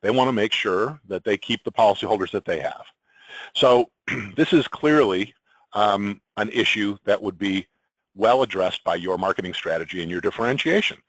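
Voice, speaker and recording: Male consultant, lowish voice, measured business talk, dry close sound. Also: no room sound, poor audio. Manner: measured, explanatory, with occasional ums and throat-clearing. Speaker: sales and marketing consultant presenting. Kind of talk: business presentation.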